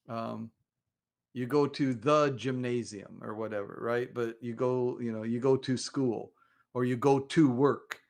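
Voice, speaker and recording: An American man talking casually to camera in a vlog, rambling with many fillers and restarts. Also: mid-range voice. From United States. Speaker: vlogger. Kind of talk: casual spoken monologue.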